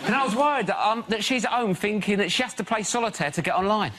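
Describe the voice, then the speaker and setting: A man telling relaxed, self-mocking stand-up anecdotes. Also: sits high, quick pace. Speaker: comedian. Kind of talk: stand-up storytelling. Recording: studio audience laughter, noisy.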